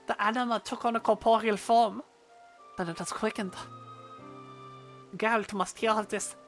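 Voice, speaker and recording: A woman's voice: fairly high pitch, steady tone, soft background music, lightly acted. A woman voicing a courteous, formal male scholar with a German accent, reading game dialogue aloud. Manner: formal, measured, courtly phrasing.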